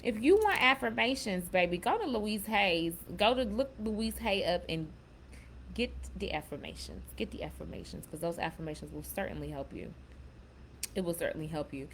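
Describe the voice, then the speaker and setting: A woman talking casually as a spiritual self-help host. She drifts from relaxed chatter into punchy affirmations and calls her listeners "baby" and "y'all.". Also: medium pitch, moderate pace, slight background noise.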